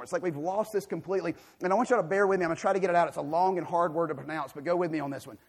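A man, preaching a sermon. He swings from loud, emphatic calls to quiet, low passages. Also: steady tone, very fast, hardly any pauses.

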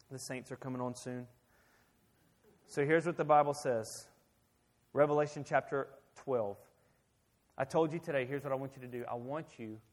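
A man in his thirties preaching a conversational sermon, asking his listeners questions along the way. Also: medium pitch. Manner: conversational, animated, asks the audience questions. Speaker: pastor.

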